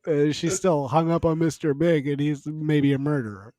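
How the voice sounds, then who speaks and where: A man co-hosting a podcast in casual chat, animated and rambling, laughing often as he talks. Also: a little high, moderate pace, dry recording. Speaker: podcast co-host.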